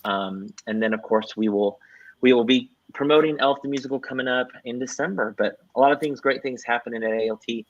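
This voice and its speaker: An upbeat man hosts a casual livestream chat, rambling cheerfully and plugging events between chuckles. His voice sits at an ordinary middle pitch. The sound is dry and a little dull, like a lo-fi stream. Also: fairly quick, no room sound. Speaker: host.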